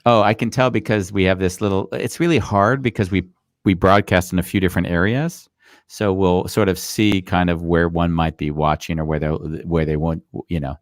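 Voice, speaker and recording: Chatty low-voiced male host. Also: fairly even intonation, normal speed, no room sound, studio quality. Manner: chatty, rambling, many fillers. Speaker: podcast host. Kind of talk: live casual interview.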